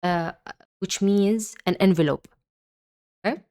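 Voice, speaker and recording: A woman's voice: medium pitch, takes it slowly, dark tone. A woman teaching beginners pronunciation, patiently repeating each letter and word several times before explaining it. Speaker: Arabic teacher. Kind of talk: slow, careful pronunciation lesson.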